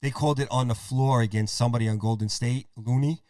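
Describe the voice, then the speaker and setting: A man hosting a podcast, casually calling a basketball game play-by-play, excitable and profane. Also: medium pitch, quick pace, no room sound, clean studio sound. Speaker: podcast host.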